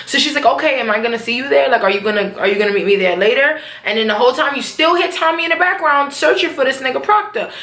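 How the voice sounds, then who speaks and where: A young woman talks through a TV episode in loose, slangy chat, voicing the characters' lines as she goes. Her voice sits a little high, and the room around her rings with echo. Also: lively intonation, fast talker, hardly any pauses, a bit bright. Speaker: TV episode recapper. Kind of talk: casual episode recap.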